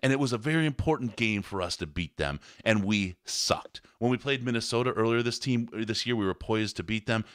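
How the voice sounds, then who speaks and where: A man's voice: fairly low pitch, a little fast, few pauses, a bit bright, dry recording. A man hosting a sports podcast, ranting angrily and swearing as he breaks down a loss. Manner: angry, profane ranting. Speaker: podcast host. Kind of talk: heated postgame sports talk.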